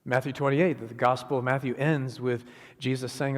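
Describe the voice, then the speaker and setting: A man preaching a sermon in a church, animated and conversational, voicing quick asides as he retells the story. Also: medium pitch, long reverb tail. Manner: animated, acts out Jesus's words in quick asides. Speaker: guest preacher. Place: church sanctuary.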